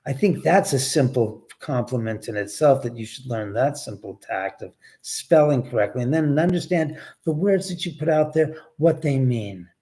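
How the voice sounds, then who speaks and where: A man's voice: mid-range voice, lively intonation, normal speed, few pauses, warm tone. A man hosting a casual livestream from his house, rambling and swearing freely as he talks to his dog and answers viewers. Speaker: livestream host. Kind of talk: casual live-stream chat.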